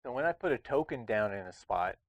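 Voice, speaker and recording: A man's voice: mid-range voice, animated, fast talker, dry recording, highs cut off. A man hosting a casual board game review, talking in a chatty, rambling way with lots of restarts. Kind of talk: casual chat.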